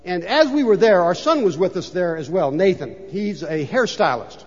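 Animated older pastor preaching. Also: male voice, sits high, normal speed, husky. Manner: animated, swings between loud emphasis and hushed asides. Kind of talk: sermon. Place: church sanctuary. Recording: dull reverberant church recording.

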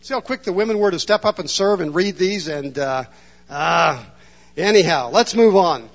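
Male pastor, high voice, reflective sermon, muffled church recording. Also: lively intonation, normal speed. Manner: reflective, asks the room questions. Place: church hall with a congregation.

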